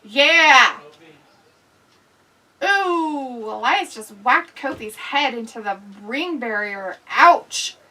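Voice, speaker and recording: A woman's voice: high-pitched, lively intonation, extremely slow, pushed and bright, recorded from a distance, rough recording. A woman hosting a casual live watch-along, chatting, laughing and reading viewer comments aloud. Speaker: livestream host reading chat.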